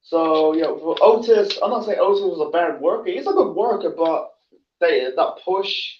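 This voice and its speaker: A man hosting his own wrestling show in a casual solo talk, halting and full of fillers and restarts. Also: high voice, lively intonation. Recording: distant, echoey, dull lo-fi audio.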